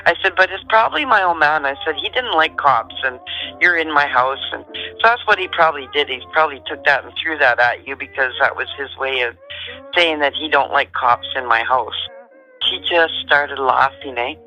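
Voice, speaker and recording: A middle-aged woman tells her own story in a calm, matter-of-fact way. Her voice has a very sharp, bright edge. Soft music plays faintly underneath. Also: sits low, normal speed, poor audio. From Canada. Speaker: guest. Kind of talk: telling a personal story.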